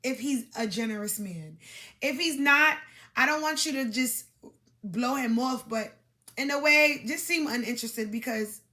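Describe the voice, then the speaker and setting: A woman's voice: on the high side, unhurried, pushed and bright. Emphatic New woman podcaster. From Brooklyn, New York. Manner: chatty, emphatic, dramatic asides. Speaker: podcast host. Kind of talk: casual advice monologue.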